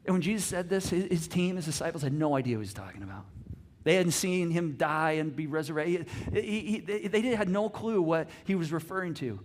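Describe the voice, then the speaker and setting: A man with a fairly high speaking voice preaches a sermon to his church. He talks in a casual, earnest way, doubling back on his words as he reaches for the next thought. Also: lively intonation, a little fast. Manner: conversational, earnest preaching with frequent restarts. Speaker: pastor.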